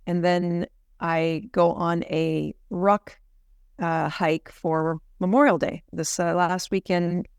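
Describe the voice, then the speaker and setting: A woman's voice: on the low side, flat delivery, slow, darkish tone, clear, resonant tone, no room sound, studio quality. A middle-aged woman physician telling a personal story earnestly, with frequent "you know" restarts. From United States. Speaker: physician guest. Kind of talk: conversational storytelling.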